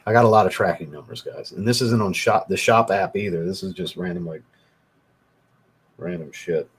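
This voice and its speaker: This young fragrance reviewer speaks at normal speed in a low, slightly rough voice while hosting a casual livestream. He goes through viewer comments, rambling and swearing as he gets fired up.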